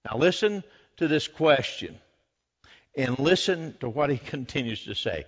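A man's voice: medium pitch, expressive, a little slow, slightly rough, dull audio. A man preaching a sermon, retelling scripture dramatically and building to fervent emphasis.

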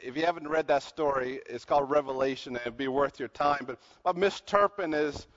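A man preaching a sermon in a lively style, swinging from loud bursts to quiet asides, from the American South. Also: mid-range voice, brisk, big-room sound, lo-fi sound, a crowd in the background. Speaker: pastor.

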